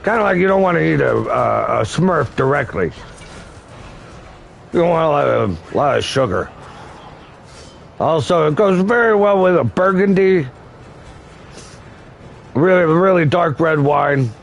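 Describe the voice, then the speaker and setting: A man's voice: on the high side, creaky, a little hiss or hum. A man voicing a chirpy female TV cooking show host in a comic improvised bit, breezy and matter-of-fact. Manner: breezy, matter-of-fact about odd recipes.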